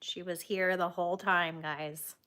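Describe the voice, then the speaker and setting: A woman's voice: fairly low pitch, fairly even intonation, measured pace, sharp tone. A woman hosting a crochet livestream, chatting casually with viewers and laughing often as she tells stories on herself. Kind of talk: casual chat reading live comments.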